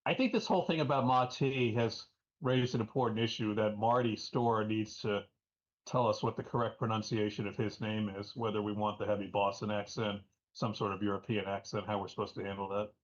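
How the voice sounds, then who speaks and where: A man co-commentating a live backgammon stream, making quick wry wisecracks. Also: on the low side, steady tone, muffled recording.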